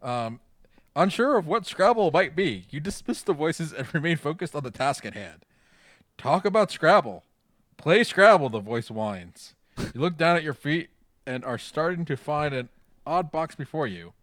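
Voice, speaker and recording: A man joins a streamed board game night, cracking deadpan jokes with a lively, bouncing pitch. His talk is casual and quick to laughter. The recording is dry and close. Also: no room sound. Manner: joking, deadpan quips, laughs often. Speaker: stream co-host and player.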